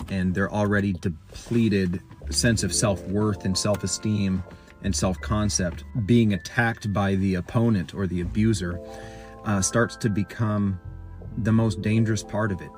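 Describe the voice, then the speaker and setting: A man explaining in a measured way, stopping now and then to find his words. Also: lowish voice, a little mellow. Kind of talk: explanatory commentary.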